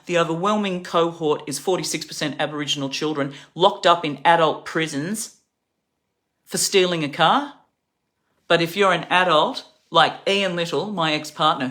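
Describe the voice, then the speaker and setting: Tired aussie woman going off on a sweary rant, bright sharp voice, rambles on. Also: low-pitched. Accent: Australian. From Australia. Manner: angry, profane, rambling. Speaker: livestreamer. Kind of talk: political rant to camera.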